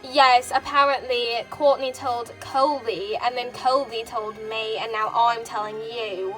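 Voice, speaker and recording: A woman voicing a scheming mother who breaks false news in a measured, sympathetic tone in a toy figure drama. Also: a little high, fairly even intonation, fairly bright tone, faint music behind.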